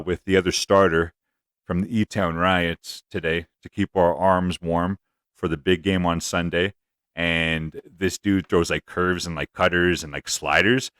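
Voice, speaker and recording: A young man hosts a laid-back sports podcast in a deep, low voice. He rambles through his stories and swears freely. The sound is close and dry. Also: fairly bright tone, no echo. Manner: loose, profane, rambling storytelling. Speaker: podcast host. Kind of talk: casual podcast chat.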